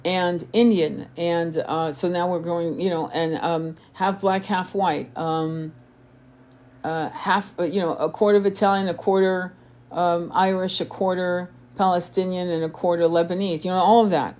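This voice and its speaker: A woman's voice: lowish voice, steady tone, normal speed, a little mellow. A woman born in France, a tarot reader and spiritual coach, chatting casually on a live stream, rambling with frequent swearing, restarts and laughter. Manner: rambling, profane, laughs often, many restarts. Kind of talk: casual live-stream chat reading comments.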